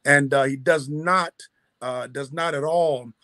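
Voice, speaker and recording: A man's voice: a little high, unhurried, sharp tone, no echo. A man giving a heartfelt birthday tribute to a friend, telling an earnest story full of restarts. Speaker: family friend and minister.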